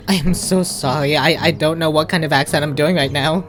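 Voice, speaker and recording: A chatty woman talks casually over her own gameplay, giggling now and then. Her voice sits a little low, with game music loud behind her. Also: fairly even intonation, fairly quick. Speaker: game streamer.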